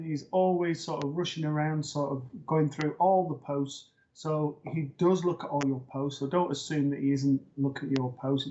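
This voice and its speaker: Male host, medium, chatty with fillers, higher voice, muffled stream audio. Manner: relaxed, hesitant with fillers. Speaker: psychic medium hosting a live show. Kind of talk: live-stream host talk.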